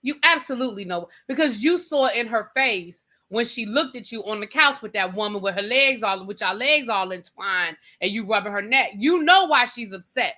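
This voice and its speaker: Bright-voiced, opinionated woman co-host. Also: a little high, expressive, moderate pace, few pauses. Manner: opinionated, emphatic, addresses people directly. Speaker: podcast co-host. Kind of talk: casual recap chat.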